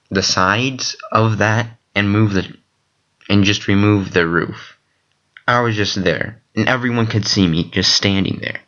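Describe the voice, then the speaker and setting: A man telling a long rambling story in a casual vlog, excitable and full of fillers. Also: fairly low pitch. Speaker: vlogger. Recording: dull lo-fi recording.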